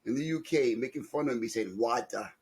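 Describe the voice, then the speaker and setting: A man's voice: mid-range voice, fairly quick, darkish tone, husky. A man with a Brooklyn accent, co-hosting a podcast and telling joking anecdotes in casual chat. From Brooklyn, New York. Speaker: podcast co-host.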